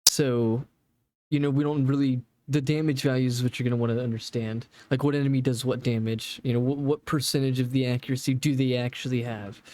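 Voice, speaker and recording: Dude reacting to game dev stuff, loose rambly talk, mid voice, dead dry sound. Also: male voice, mid-range voice, flat delivery, brisk, darkish tone, dry recording. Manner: rambling, loose, swears casually. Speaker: gaming reaction host. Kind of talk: casual reaction commentary.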